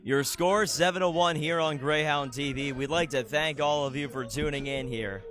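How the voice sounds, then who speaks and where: A man's voice: mid-range voice, a bit bright. Dry play-by-play baseball announcer, male. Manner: dry, teasing banter between calls. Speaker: play-by-play commentator. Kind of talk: live baseball commentary.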